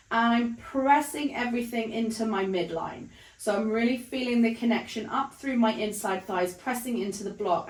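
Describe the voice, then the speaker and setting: A woman leading a Pilates class, calmly talking through the moves while she demonstrates them. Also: mid-range voice, reverberant, poor audio. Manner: calm counting of breaths while demonstrating. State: breathless, counts fading to breathy whispers during exertion. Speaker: Pilates instructor. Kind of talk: guided exercise instruction.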